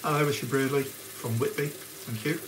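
At a normal speed and in a steady tone, a mid-range male voice hosts a live cooking stream, chatting casually and greeting viewers by name. The background is noisy with the frying sizzle of onions in a pan during this cookalong.

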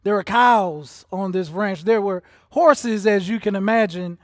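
Pastor, male, high-pitched, emotional delivery, dry recording. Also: measured pace, dry recording. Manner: emotional, builds from soft to intense. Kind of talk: livestreamed sermon. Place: church auditorium.

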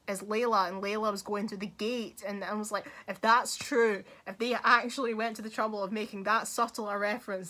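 A young woman with a mid-range voice hosts a casual gaming talk video, sharing her thoughts in an animated way, laughing often and swearing freely.

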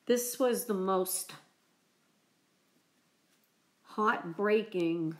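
A woman vlogger chatting on a live stream, emotional and choked up from crying, talking haltingly with many restarts. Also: mid-range voice, expressive, fairly bright tone. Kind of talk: casual live-stream chat.

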